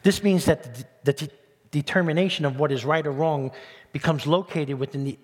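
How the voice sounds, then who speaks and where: A man preaching a sermon as pastor, animated, with rhetorical questions and rising emphasis. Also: fairly high pitch. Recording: long reverb of a church hall.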